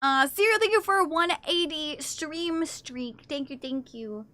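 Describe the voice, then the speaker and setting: Picture a young woman livestreaming who answers her chat on the spot, teasing and cursing as she goes. Her voice sits high and bright. The sound is close and dry, with no room around it. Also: dry recording. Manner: playful, teasing and swearing, quick reactions to chat. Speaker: streamer.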